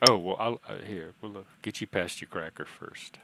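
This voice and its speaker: A man hosting a casual panel chat, rambling and hesitant, often trailing off quietly. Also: sits low, moderate pace, vocal fry, background noise. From United States. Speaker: podcast host.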